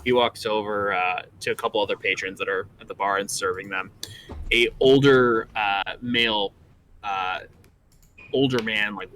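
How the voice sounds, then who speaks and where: Game master, male, casual narrator, bright voice, faint room ambience. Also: fairly low pitch, slight background noise, rough recording. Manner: casual, many fillers.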